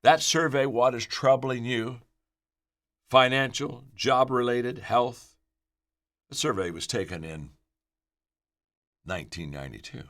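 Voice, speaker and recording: A man's voice: medium pitch, unhurried, pauses often, fairly bright tone. A man giving a motivational leadership talk, repeating key phrases for emphasis and telling stories. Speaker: leadership speaker.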